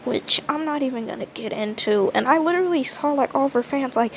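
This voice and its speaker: A woman's voice: sits high, fairly quick, hardly any pauses, slight background noise, poor audio. A woman giving an indignant, ranting commentary monologue, peppered with "like". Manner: indignant, heavy use of "like" fillers. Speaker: commentary vlogger.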